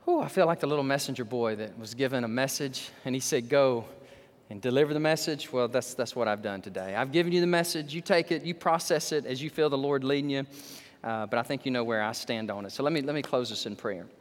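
A man preaching a sermon and telling a story, animated, swinging from loud to hushed, in a church sanctuary. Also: mid-range voice, fast talker. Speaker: pastor. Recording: long hall reverb.

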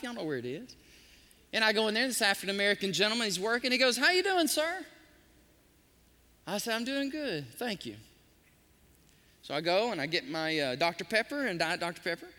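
A man's voice: high voice, long reverb tail. A man preaching a sermon as a pastor, telling stories and acting out the voices of the people in them. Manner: animated, acts out the voices in his stories. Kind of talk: storytelling sermon.

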